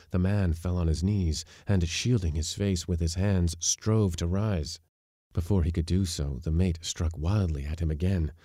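A man narrating a short story in a steady, measured reading for a podcast. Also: low voice, dry recording, studio quality. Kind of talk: scripted audiobook narration.

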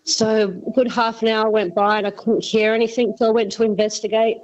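A woman's voice: on the high side, little pitch movement, a little fast. Woman calling in, phone line. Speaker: caller. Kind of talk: phone-in story.

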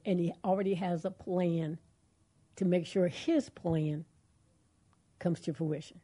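A woman's voice: on the low side, warm tone, slightly rough. A middle-aged woman co-hosting a Christian call-in radio show, talking earnestly and encouragingly. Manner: earnest, encouraging, laughs easily. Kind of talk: faith talk radio chat.

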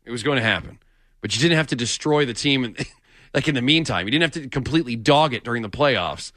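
Rapid-fire sports pod host, dry close mic, jokey and griping. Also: male voice, medium pitch, no echo. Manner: ribbing, animated, laughs a lot. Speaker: podcast co-host. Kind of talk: casual sports talk.

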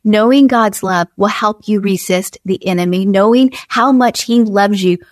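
A woman's voice: mid-range voice, moderate pace, no echo, clean studio sound. A woman preaching an earnest devotional sermon, repeating phrases and acting out inner dialogue as she exhorts her listeners.

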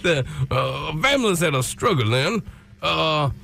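A man putting on a halting, stammering mock accent to play a blustering older male senator questioning a CEO at a hearing. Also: fairly high pitch, big pitch swings, vocal fry, pushed and bright, heavily acted. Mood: mock-stern.

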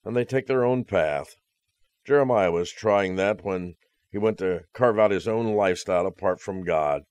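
A man's voice: low voice, normal speed, a little mellow, dry recording. A man preaching a conversational sermon, earnest and direct, with dry jokes at the close. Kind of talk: radio sermon.

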